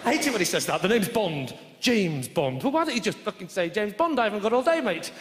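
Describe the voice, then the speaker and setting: A middle-aged man doing a brash, sweary live stand-up routine, shouting his punchlines. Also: sits high, big pitch swings, very fast. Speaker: stand-up comedian. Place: large theatre with audience. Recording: reverberant live hall with audience noise.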